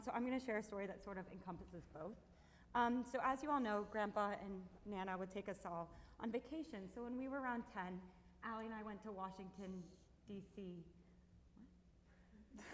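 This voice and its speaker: A young woman, a grandchild, telling an amused, chatty story at a memorial. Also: medium pitch. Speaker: grandchild giving a eulogy. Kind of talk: memorial speech. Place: temple sanctuary. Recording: long hall reverb, faint hiss.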